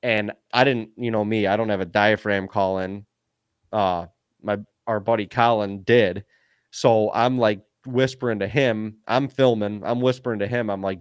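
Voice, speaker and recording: A man co-hosting a podcast, telling a hunting story in casual chat, excited and full of "dude" and "like". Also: lowish voice, normal speed, clean tone, no room sound, clean studio sound. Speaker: podcast co-host.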